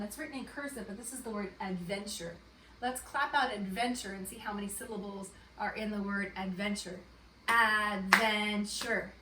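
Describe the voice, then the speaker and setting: A woman teaching young children in a morning meeting, talking slowly and in a sing-song way when she counts with them. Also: mid-range voice, background noise. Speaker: elementary school teacher. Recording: echoey room, voice from far off.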